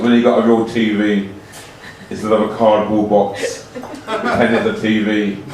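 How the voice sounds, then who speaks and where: A man delivering an absurd comic monologue in a slow, rambling, deadpan way with broken grammar, heard from a distance in an echoey room. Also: lowish voice, a little hiss or hum. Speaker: comedian.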